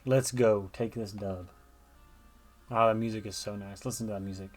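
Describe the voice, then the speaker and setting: A man's voice: lowish voice, fairly even intonation, normal speed, soft background music. A man giving chatty gameplay commentary, thinking aloud as he plays. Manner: chatty, thinks aloud, reads game dialogue. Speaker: gamer.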